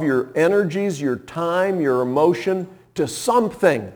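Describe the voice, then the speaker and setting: A man preaching a sermon, telling folksy stories and swinging from hushed tones to loud, impassioned appeals. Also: fairly high pitch, lively intonation, a little slow, hardly any pauses. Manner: folksy, storytelling.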